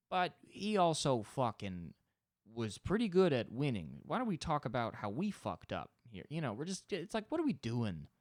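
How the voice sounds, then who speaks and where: A young man hosting a solo podcast, rambling and joking with lots of swearing and quick mock voices. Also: deep voice, no echo, studio quality. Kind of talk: casual solo podcast rant.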